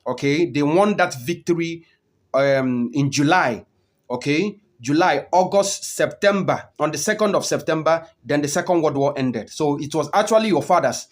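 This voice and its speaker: A man giving an unscripted history lesson, often pausing with "okay" and "um" and repeating his key points. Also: on the high side, lively intonation. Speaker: history teacher.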